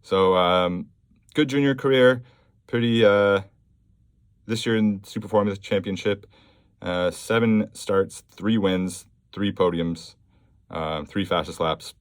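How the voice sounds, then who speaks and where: A man's voice: fairly low pitch, fairly even intonation, slow, clear, resonant tone, no echo. A man hosting a casual solo podcast, talking bluntly and offhandedly and reading news items aloud between fillers. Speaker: podcast host.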